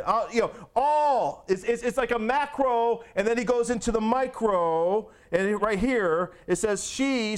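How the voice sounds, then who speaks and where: High-pitched male preacher, emphatic and conversational, repeats key phrases. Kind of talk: sermon.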